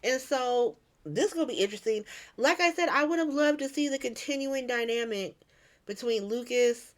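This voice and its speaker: Animated woman doing a casual recap. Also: fairly high pitch, moderate pace. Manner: animated, profane, acts out every character. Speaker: host. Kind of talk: casual soap opera recap.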